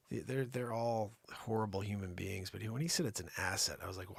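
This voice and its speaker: A man hosting an improvised comedy news show, rambling and joking, often dropping into low mumbles. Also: fast talker, creaky, hardly any pauses, husky, no room sound.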